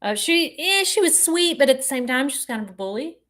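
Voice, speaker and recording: A woman's voice: high-pitched, animated, a little fast, fairly bright tone. A woman co-hosting a podcast, telling a story in a casual way and laughing often as she goes. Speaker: podcast co-host.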